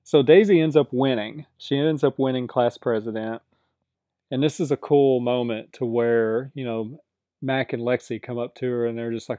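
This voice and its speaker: A man's voice: mid-range voice, fairly even intonation, normal speed, dark tone, dry recording, lo-fi sound. A man casually retelling the plot of a TV episode in a rambling way, with many fillers and asides.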